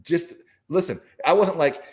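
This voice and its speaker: A man's voice: a little high, unhurried, a little mellow. A man talking as a guest in an interview, telling a personal story in a casual, profane, emphatic way with many restarts. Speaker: guest speaker and author.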